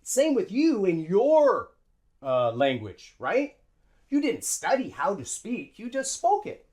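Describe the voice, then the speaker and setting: Pronunciation teacher, unhurried, voice swoops up and down, drills phrases over and over. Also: medium pitch. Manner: animated, repeats drills slowly and stretches sounds. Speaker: English teacher. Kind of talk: pronunciation lesson.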